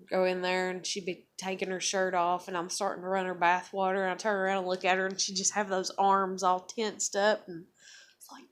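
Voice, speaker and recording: A woman's voice: on the low side, little pitch movement, brisk. A woman in her thirties talking in a casual, rambling vlog monologue, full of fillers and swearing. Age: 30s. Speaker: vlogger.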